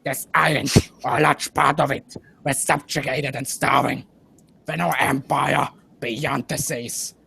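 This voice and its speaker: A man's voice: mid-range voice, little pitch movement, a little slow, creaky, bright, forceful tone, slight background noise, heavily acted. A man putting on a solemn wartime prime minister's speech, reading it as grand oratory.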